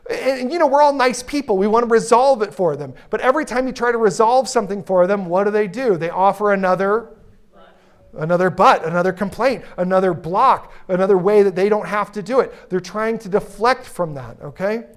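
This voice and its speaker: A man giving a live keynote talk on stage, energetic and playful, teasing and drawing responses from his audience. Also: high-pitched, brisk. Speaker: keynote speaker. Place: conference stage before an audience.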